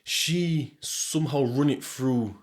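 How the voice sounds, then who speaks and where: A young man from England with a broad Sheffield accent rambles through a loose monologue on his podcast, speaking slowly at medium pitch. He swears freely, laughs often and keeps circling back on himself mid-thought.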